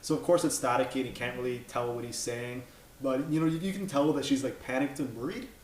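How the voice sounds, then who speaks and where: A man in his thirties tears into a film in a blunt, exasperated rant, tripping over his words and swearing as he goes. His voice sits at an ordinary middle pitch, and the room around him rings with echo. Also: quick pace, a little hiss or hum. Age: 30s. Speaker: movie reviewer. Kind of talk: opinionated movie review rant. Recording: echoey room.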